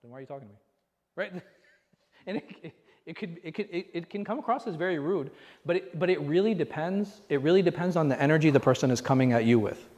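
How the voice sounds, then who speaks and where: A man with a slightly high, a little mellow voice speaks fast as an imam leading an informal religious class, frequently asking the room rhetorical questions. It's recorded in a reverberant mosque class hall.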